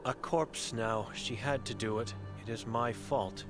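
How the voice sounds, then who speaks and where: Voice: mid-range voice, unhurried, close to an everyday voice. A voice actor playing a blind, mute old woman hermit in a video game, speaking in terse, broken, solemn sentences. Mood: grim. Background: game music.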